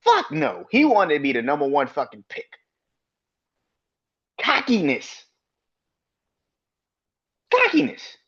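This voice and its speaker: A man's voice: on the high side, wildly swooping pitch, brisk, creaky, few pauses, slightly rough, muffled recording. A man hosting a solo sports podcast, ranting with heated profanity and arguing back at imagined critics. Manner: emphatic, argues with imagined critics.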